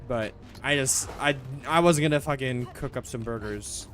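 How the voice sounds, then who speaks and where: A man's voice: medium pitch, moderate pace, a bit bright, soft background music. A young man streaming a game, rambling casually with lots of swearing, restarts and "bro". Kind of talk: casual gameplay commentary.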